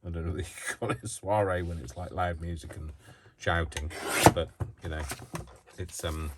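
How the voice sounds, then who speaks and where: A man from the United Kingdom hosts a crafting tutorial, chatting in a rambling way full of self-mocking asides. He has a low, steady voice at a moderate pace, and a faulty microphone adds loud noise to the recording.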